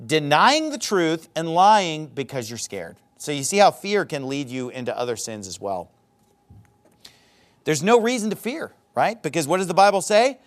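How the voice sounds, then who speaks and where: A man's voice: fairly high pitch, very animated, normal speed. A man preaching a sermon as pastor, emphatic and repetitive, hammering his points home.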